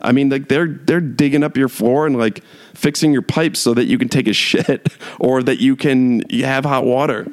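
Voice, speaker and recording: A man's voice: medium pitch, steady tone, moderate pace. Rambling man in a casual rant. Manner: rambling, lots of "like" fillers and restarts, laughs while talking; mocking, exasperated rant. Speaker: podcast host. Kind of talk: casual solo chat.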